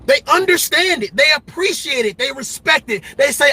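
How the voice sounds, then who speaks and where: A man's voice: extremely high pitch, expressive, normal speed, hardly any pauses, pushed and bright, no room sound. A middle-aged man giving a passionate, preacher-like commentary monologue, emphatic and repetitive. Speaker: commentary vlogger.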